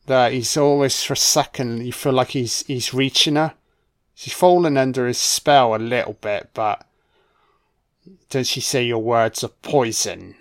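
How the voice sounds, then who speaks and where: Male commentator, laid-back and sweary, slow delivery. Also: mid-range voice. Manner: relaxed, profane, admiring asides. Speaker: film commentator. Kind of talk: casual film commentary.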